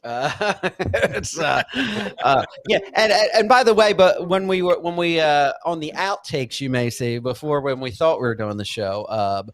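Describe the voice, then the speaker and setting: A man's voice: fairly high pitch, normal speed. A man co-hosting a comedy podcast, rambling with lots of hesitations. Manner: rambling, hesitant, full of uh's. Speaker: podcast co-host. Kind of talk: casual comedic podcast banter.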